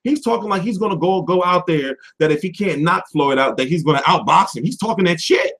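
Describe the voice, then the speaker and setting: A man hosting a boxing livestream from home, ranting off the cuff with lots of swearing, switching between loud outbursts and mumbled asides. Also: sits high, a little fast. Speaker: boxing commentary livestream host. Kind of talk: profane off-the-cuff rant.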